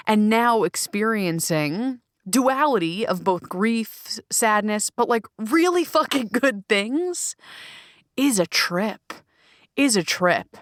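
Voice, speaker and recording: Woman, solo podcast host, swears freely, emphatic and expressive, mid-pitched voice, dry close sound. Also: a little slow, no echo. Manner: candid, profane, emphatic and expressive. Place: small recording closet.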